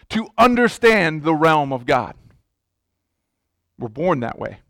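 High-voiced preaching man, dry sound. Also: fairly bright tone, no room sound. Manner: emphatic preaching with repeated words and restarts. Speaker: pastor. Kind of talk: sermon.

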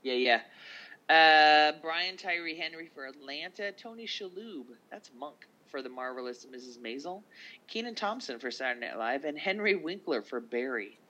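A man co-hosting a casual podcast chat, reading down a list of nominees with quick asides. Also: on the high side, expressive, sharp tone, dull audio. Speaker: podcast co-host.

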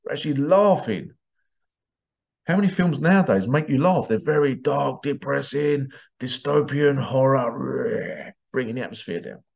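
A man's voice: mid-range voice, normal speed, gravelly, darkish tone, muffled recording. A man hosting a podcast in a casual, rambling monologue, digressing often and dropping in playful vocal sound effects. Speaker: podcast host.

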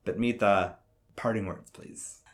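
A man co-hosting a casual movie review podcast, relaxed and laughing often, trailing off mid-sentence. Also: on the low side, unhurried. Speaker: podcast co-host.

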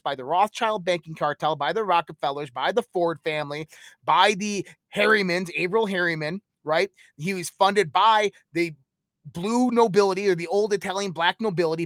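Man with a high voice, dry close sound, rambling conspiratorial lecture, emphatic, full of rhetorical questions. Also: fairly bright tone, dry recording. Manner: rambling, piles up lists. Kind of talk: conspiratorial monologue.

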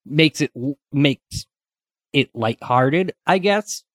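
Slow-talking guy on a podcast, bit high, stops and restarts a lot, dry sound. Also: animated, no echo. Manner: hesitant, halting. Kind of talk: casual podcast chat.

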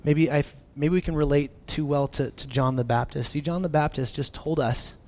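A man in his thirties preaching a sermon, telling stories with lively restarts. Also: fairly high pitch, moderate pace. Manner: animated storytelling with many restarts. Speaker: pastor.

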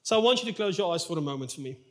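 A man's voice: on the high side, animated, very fast, fairly bright tone. A male pastor preaching a sermon in a church, telling a personal story in an open, emotional, confessional way.

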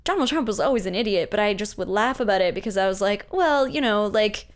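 A young woman chatting casually on a podcast, her voice at an ordinary middle pitch. She rambles and giggles as she goes. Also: fast talker. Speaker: podcast co-host. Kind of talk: casual chat.

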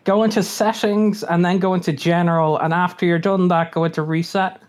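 A man's voice: sits high, steady tone, fairly quick, a little hiss or hum. A man co-hosting prank calls, playing a casual fake tech support agent. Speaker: prank call co-host. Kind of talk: prank phone call banter.

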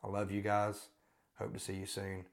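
A man's voice: on the low side, completely flat delivery, normal speed, a little hiss or hum. A man hosting a Christian podcast, pleading earnestly with listeners and repeating pointed questions. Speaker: podcast host and Christian teacher. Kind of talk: earnest spoken exhortation.

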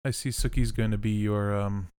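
A man's voice: fairly low pitch, fairly even intonation, fast talker, darkish tone, clean tone, no echo. A man co-hosting a podcast in casual chat, teasing and dry-humored. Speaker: podcast co-host.

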